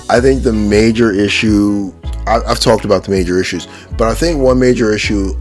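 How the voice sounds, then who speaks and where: A man talking casually to camera in a profane, mocking rant about toy collecting. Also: fairly low pitch. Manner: profane, mocking, with lots of fillers and restarts.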